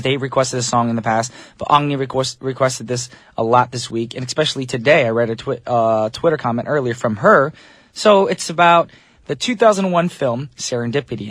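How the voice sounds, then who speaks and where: A man's voice: medium pitch, a bit bright, dry recording. A man hosting a radio show as DJ, talking in a casual, upbeat, chatty way with loose fillers, from a studio microphone.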